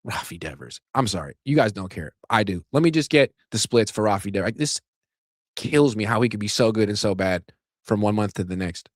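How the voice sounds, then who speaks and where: Male sports host, lower voice, sarcastic ranting commentary, close dry mic. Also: a little fast, no room sound. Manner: animated, sarcastic, swears, rants at length.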